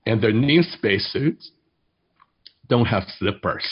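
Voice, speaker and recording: A man preaching a sermon as pastor, telling stories in a measured way and reading poetry slowly. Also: fairly low pitch, lively intonation, slightly rough, highs cut off.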